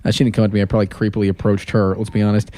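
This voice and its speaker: A man's voice: on the low side, level tone, rapid-fire, dark tone. A man, a stand-up comedian appearing as a podcast guest, chatting casually in crude, joking banter. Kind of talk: casual chat.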